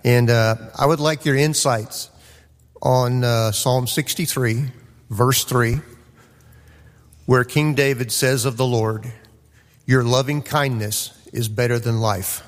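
A man from Florida asks a Bible question, speaking in a halting, polite way with some fillers. His voice carries a long hall reverb. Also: medium pitch, fairly even intonation. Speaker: audience questioner.

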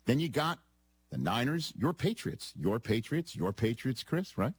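A man hosting a casual sports talk show with his son, teasing and lively. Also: mid-range voice, unhurried, breathy edge. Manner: animated, teasing.

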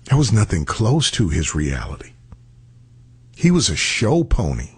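A man's voice: fairly low pitch, wildly swooping pitch, unhurried, husky. A man telling a story in a casual radio talk show style.

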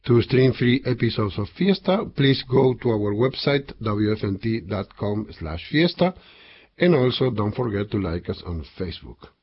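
A man hosting a classical music radio show, introducing pieces with unhurried enthusiasm. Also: on the low side, very animated, slightly rough, lo-fi sound. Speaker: radio host and composer.

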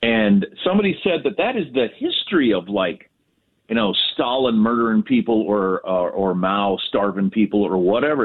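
A man chatting in a loose, rambling way over a tinny phone line. His voice is a little husky and moves around a lot in pitch. He sounds like a co-host dialed in from the road. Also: animated, moderate pace. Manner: casual, rambling, laid-back.

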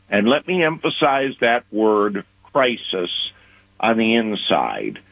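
Male guest analyst, unhurried and emphatic, dry phone-line radio sound. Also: fairly low pitch, very animated, gravelly, fairly bright tone, breathy edge, dry recording. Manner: measured, deliberate delivery with emphatic pauses. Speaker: foreign affairs commentator. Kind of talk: analytical news commentary.

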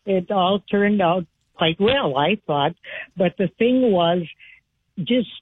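Older lady from wisconsin on a call-in line, chatty storyteller, kinda husky, tinny phone sound. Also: medium pitch, animated, slow pace. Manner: chatty storyteller, acts out quotes. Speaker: caller. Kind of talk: telling a story on a call-in show.

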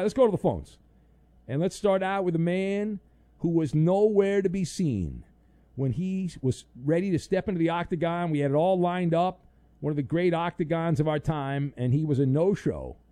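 Sports radio host, slightly high voice, dry close studio mic, loose jokey delivery. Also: male voice, lively intonation, moderate pace, dry recording. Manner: loose, jokey, bursts into loud mock outrage. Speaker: talk show host.

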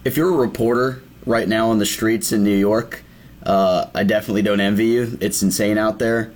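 A man co-hosting a sports talk show, telling a story in a quick, animated way. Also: lowish voice. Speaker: radio co-host.

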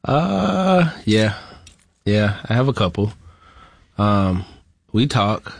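A man answers interview questions haltingly, full of "uh" and "right?". His voice sits fairly low. The sound is dry and close. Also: sing-song, creaky, dry recording. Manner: hesitant, many "uh" and "right?". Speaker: interview guest, veteran. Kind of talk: interview conversation.

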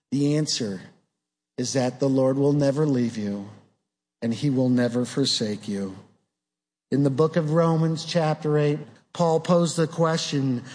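A man preaching a sermon in an earnest way, asking rhetorical questions and dropping his voice low on key words. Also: a little mellow. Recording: long hall reverb.

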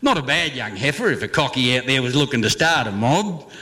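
A man's voice: medium pitch, very animated, fairly quick, very noisy. A man with an Australian accent reciting a comic verse yarn in a rollicking, theatrical way, heavy with slang.

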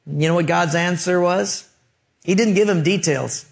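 A man preaching a sermon, joking and acting out voices, dropping his voice low for emphasis. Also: normal speed, gravelly. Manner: humorous, acts out voices, drops low for emphasis. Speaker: pastor.

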